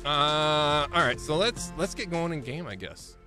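A man's voice: fairly high pitch, a little slow, music in the background. A man in his thirties hosting a live game stream, chatting casually and rambling, often correcting himself and laughing.

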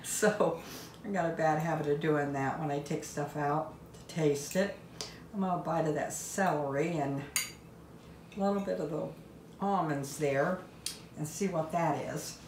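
A woman's voice: low-pitched, moderate pace, pauses often, a little mellow. An older woman hosting a home cooking video, chatting in a homey way and talking while she tastes the food. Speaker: home cooking channel host. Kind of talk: casual cooking demonstration. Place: home kitchen. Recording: echoey kitchen, faint background noise.

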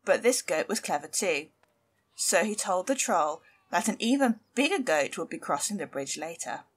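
A woman from a library reading a children's folk tale aloud in a lively, expressive storytelling voice. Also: on the low side, normal speed, slightly rough.

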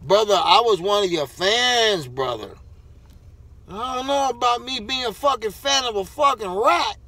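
A man with a high voice rants straight to camera, swearing constantly and circling back on himself. His pitch swings widely as he heats up and cools down, a wrestler sounding off about the fight world. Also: animated, measured pace, pushed and bright. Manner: profane, heated, rambling. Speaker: wrestler vlogger. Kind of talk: ranting to camera.

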